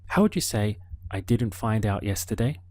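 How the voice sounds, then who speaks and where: A man teaching a Spanish lesson online, explaining slowly and modeling words syllable by syllable. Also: lowish voice, expressive, a little mellow, no echo. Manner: slow, deliberate explaining with careful word-by-word modeling.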